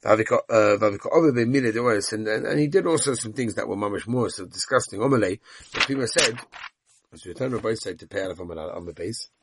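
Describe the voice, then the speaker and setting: A man's voice: lowish voice, fast, slight background noise. A man teaching a Talmud lesson, reading the Aramaic text aloud and retelling it in English with voiced quotes of the characters.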